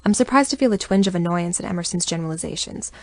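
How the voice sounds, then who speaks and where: A young woman narrates a first-person audiobook with expressive, even delivery. Her voice is on the low side, and the close studio recording is completely dry. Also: fast, dry recording.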